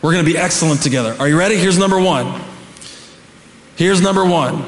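A middle-aged man with a high voice preaches an animated sermon. He builds to shouts and drops in joking asides. The sound rings with long reverb through a church hall. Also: quick pace. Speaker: pastor. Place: church sanctuary.

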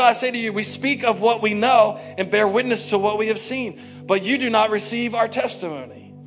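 High-voiced man preaching a casual sermon. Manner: lively, conversational retelling of scripture with slang. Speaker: pastor.

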